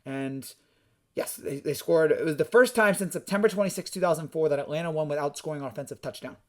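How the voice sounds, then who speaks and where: A young man giving casual, opinionated sports predictions, energetic and rambling with frequent restarts. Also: a little high, fast talker. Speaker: sports YouTuber.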